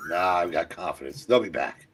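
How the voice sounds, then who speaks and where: A man's voice: low voice, moderate pace, a bit bright, slight background noise. A man reading a comic aloud live, teasing the others playfully. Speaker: comic book reader.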